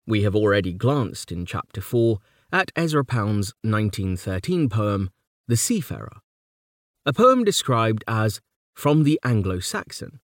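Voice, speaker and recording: A man reading a nonfiction book aloud, a measured narration that recites verse quotations with feeling. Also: fairly low pitch, very animated, no room sound, clean studio sound. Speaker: audiobook narrator. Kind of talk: scripted narration of a book on poetry.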